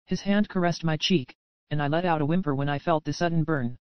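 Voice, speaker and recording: Woman audiobook narrator, steady first-person reading, smooth tone, dry and slightly dull sound. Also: low voice, a little fast, dry recording.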